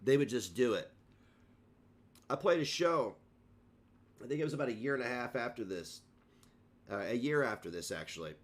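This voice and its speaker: Male streamer, casual storytelling rant, lively pitch, profane and self-deprecating. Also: normal speed, long pauses. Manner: rambling, profane, self-mocking.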